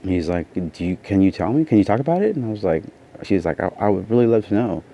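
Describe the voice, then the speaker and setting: A man with a fairly low, dark voice speaks quickly and expressively as he wanders through a personal story for his casual vlog. Worn out from lack of sleep, he says "you know" constantly. Faint noise sits under the dull, lo-fi recording.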